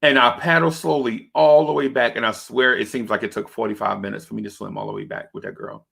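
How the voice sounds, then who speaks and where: A young man hosting a fan livestream show and telling a long, animated story, jumping into high voices to act out the other people in it. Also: fast, gravelly. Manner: acts out other people's voices in his stories, high-pitched and excitable. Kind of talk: animated storytelling and casual chat.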